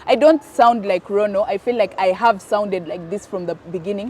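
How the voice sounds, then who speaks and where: A woman's voice: mid-range voice, normal speed, darkish tone, a little hiss or hum. A woman answering interview questions about her online content, emphatic and a little defensive, often repeating her points.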